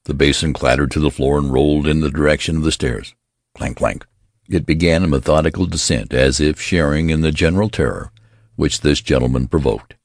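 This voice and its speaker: A man narrating a story in a deliberate, expressive reading. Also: rumbling low, dry recording, studio quality. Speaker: audiobook narrator.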